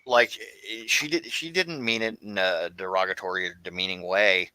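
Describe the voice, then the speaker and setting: A man's voice: deep voice, fairly even intonation, moderate pace, sharp tone, dry recording, poor audio. A man from Florida chatting casually as a guest, rambling with many fillers and restarts. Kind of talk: casual livestream chat.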